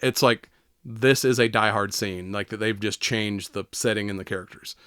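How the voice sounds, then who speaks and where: A man's voice: lowish voice, fairly even intonation, moderate pace, fairly bright tone, smooth, no echo, clean studio sound. Laughing, rambling podcast man. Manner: profane, rambling, laughs often. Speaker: podcast co-host. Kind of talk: casual movie chat.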